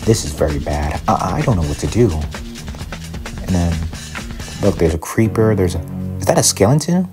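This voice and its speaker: A young man giving casual, excitable commentary while playing a block-building game, often panicking and talking to his viewers. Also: low-pitched, normal speed, pauses often, over music. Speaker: gaming YouTuber. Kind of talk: casual Minecraft let's play commentary.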